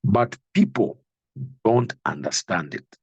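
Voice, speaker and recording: Slow husky male preacher. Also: deep voice, animated, a little mellow, no room sound, muffled recording. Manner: slow, emphatic Bible teaching, addresses listener directly. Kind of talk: sermon.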